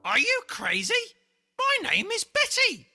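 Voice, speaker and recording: A reader voicing a furious shaggy female monster who shouts indignantly in a picture-book read-aloud. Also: medium pitch, huge pitch swings, takes it slowly, slightly rough, soft background music, voice pushed up, exaggerated voice.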